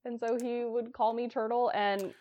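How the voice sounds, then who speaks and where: A woman in her thirties co-hosting a podcast, animated and playful, sometimes dropping into a whisper. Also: a little high, normal speed, muffled recording. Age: 30s. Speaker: podcast co-host. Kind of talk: casual chat.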